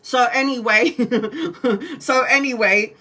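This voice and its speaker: A woman's voice: a little high, fairly even intonation, takes it slowly, sharp tone. A woman, chatting casually on a tarot livestream, swearing freely and laughing often. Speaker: tarot reader.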